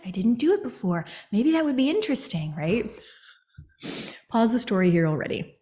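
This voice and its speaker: Expressive American woman podcast host. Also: fairly high pitch, normal speed, long pauses. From United States. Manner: expressive, animated, often drops into a whisper or a sung phrase for emphasis. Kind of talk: personal storytelling and coaching talk.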